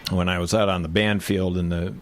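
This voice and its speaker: A man's voice: low-pitched, flat delivery, a little fast, slight background noise. An older man, a retired band director telling rambling, self-deprecating anecdotes in an oral history interview. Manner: rambling anecdotes, self-deprecating humor, many filler restarts.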